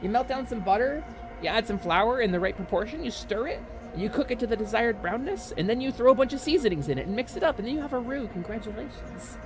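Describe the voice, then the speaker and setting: Animated woman streamer, lively pitch. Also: fast, over music. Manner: animated, swings into loud mock outrage and laughter. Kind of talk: casual live-stream chat while gaming.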